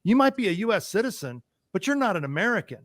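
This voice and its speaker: High-pitched, ranting talk show host man. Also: big pitch swings, fast, dry recording, clean studio sound. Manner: emphatic, ranting, repeats himself. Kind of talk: heated political talk.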